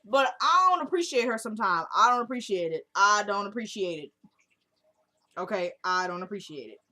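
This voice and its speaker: A woman's voice: mid-range voice, animated, moderate pace, bright, forceful tone. A woman recapping a TV episode in casual chat, emphatic and repeating herself as she retells scenes.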